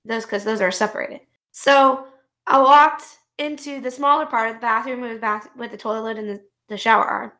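A woman co-hosting a casual podcast, telling an angry story with plenty of swearing. Her voice sits high and sounds bright and sharp. She tells it in an animated way, one mother venting to another. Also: moderate pace. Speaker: podcast co-host. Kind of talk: casual ranting chat.

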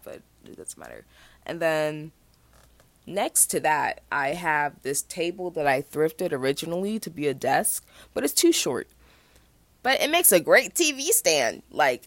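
A young woman hosting her own podcast, talking in a chatty, animated way with quick asides. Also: low voice, no echo. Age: young adult. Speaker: podcast host. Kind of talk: casual chat.

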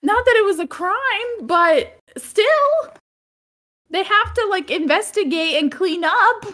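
A woman's voice: extremely high pitch, animated, unhurried, bright, forceful tone. A woman co-hosting a podcast, recapping a movie in casual chat, laughing often and groaning "ugh". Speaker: podcast co-host.

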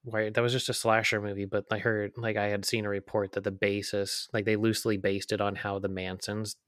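A man with a lowish voice co-hosting a casual podcast, talking in loose, rambling sentences full of "like". The sound is dry and close, with no room behind him. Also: flat delivery, fairly quick, fairly bright tone, no room sound. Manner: rambling, filler-heavy, lots of "like". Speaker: podcast co-host. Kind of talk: casual chat.

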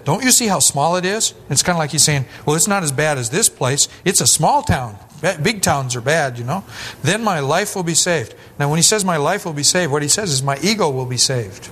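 A man's voice: on the high side, fairly bright tone. A man pastor giving a sermon in a conversational style, acting out quoted voices as he goes and often restarting his sentences.

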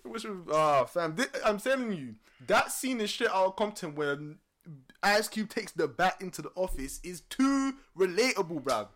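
A young London man tells a story in casual podcast chat. His bright, forceful voice leaps up high when he gets worked up. He is animated and breaks into laughter often. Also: moderate pace. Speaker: podcast co-host.

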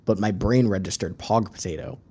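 A man's voice: lowish voice, a little fast, darkish tone, husky. A man from the Midwest chatting with friends on a podcast, sarcastic and playful. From American Midwest. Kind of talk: casual chat among friends.

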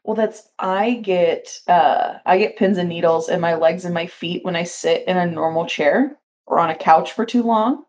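A woman's voice: fairly low pitch, normal speed, hardly any pauses, a little mellow, muffled recording. A woman co-hosting a casual podcast, telling playful stories and laughing often. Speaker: podcast co-host.

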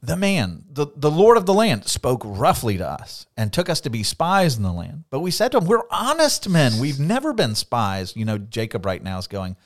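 A middle-aged man co-hosting a casual Bible study podcast, animated and laughing often as he acts out the voices of the people in the story. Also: medium pitch, fairly quick, few pauses. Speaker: podcast co-host.

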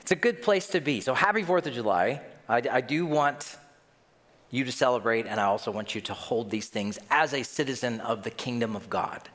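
A man preaching a sermon as pastor, telling stories in an animated way and acting out quoted voices. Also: medium pitch, moderate pace, big-room sound.

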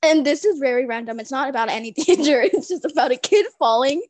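A woman's voice: high-pitched, fast, darkish tone, no echo. A young woman telling rambling school stories in casual chat, often breaking into giggles. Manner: giggly, rambling, many fillers.

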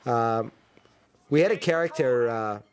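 Male author on a commentary track: thoughtful and unhurried, pausing with "uh"s. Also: medium pitch. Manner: reflective, with many hesitations. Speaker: author of the book. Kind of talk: film commentary.

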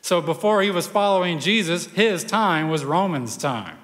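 High-voiced man preaching in echoing hall. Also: normal speed. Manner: conversational, animated storytelling with asides. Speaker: pastor. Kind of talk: sermon.

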